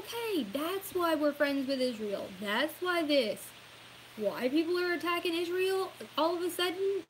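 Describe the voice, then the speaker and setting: A woman with a Louisiana accent speaks in a high voice, rambling through a casual opinion vlog. She is earnest, says y'all a lot and laughs at herself now and then. A faint hiss runs under the recording. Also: rough recording. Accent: Southern US, Louisiana. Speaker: political vlogger.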